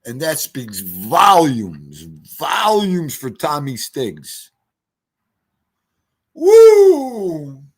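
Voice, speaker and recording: An older man hosting a livestream in casual, rambling, profane chat, his volume swinging from mutters to shouts. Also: mid-range voice, wildly swooping pitch, slow pace, hardly any pauses, husky. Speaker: livestream host.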